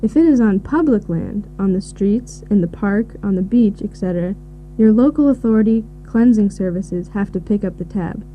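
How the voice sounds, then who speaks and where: A woman giving measured, informative answers in a scripted listening recording. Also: mid-range voice. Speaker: expert answering questions. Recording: tinny phone-like audio with faint hiss.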